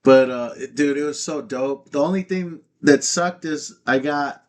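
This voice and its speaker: A man's voice: fairly high pitch, measured pace. Laughing man in his thirties telling stories. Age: 30s. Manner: laughs often, swears freely, acts out the people in his stories. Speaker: podcast guest, comedian. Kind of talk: casual storytelling chat.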